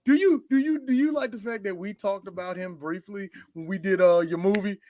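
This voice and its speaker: Loud joking man on a podcast. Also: high-pitched, a little fast, a little hiss or hum. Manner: loud, joking, breaks into impressions and shouts. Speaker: podcast co-host. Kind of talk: casual movie-review chat.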